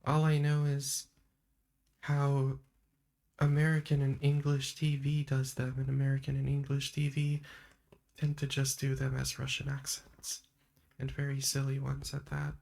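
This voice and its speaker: A woman hosting a live stream in a soft-spoken ASMR chat style, talking in a meandering way and laughing often. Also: rumbling low, completely flat delivery, unhurried, vocal fry. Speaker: livestream host. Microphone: streaming microphone.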